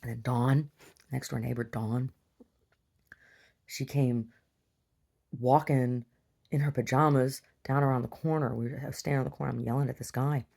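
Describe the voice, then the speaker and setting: A woman's voice: a bass voice, steady tone, normal speed, creaky, long pauses, dark tone. A woman telling a personal story in a video diary, rambling with many restarts and asides. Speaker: video diarist. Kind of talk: casual storytelling.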